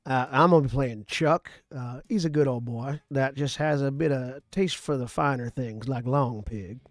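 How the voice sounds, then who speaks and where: A man's voice: mid-range voice, normal speed, dry recording. A man cracking jokes as a tabletop game player. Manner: joking. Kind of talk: casual chat.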